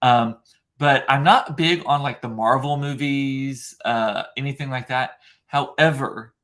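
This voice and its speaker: A man with a deep, gravelly voice hosting a casual livestream, rambling chattily through viewer comments with plenty of fillers and self-deprecating asides. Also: a little slow, a bit bright. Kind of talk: casual chat.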